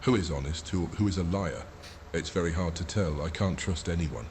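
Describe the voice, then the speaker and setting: A synthetic male voice playing a wary detective in a mystery video game, speaking flatly. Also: low-pitched, normal speed, slight background noise. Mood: suspicious. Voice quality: flat synthetic voice. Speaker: game character.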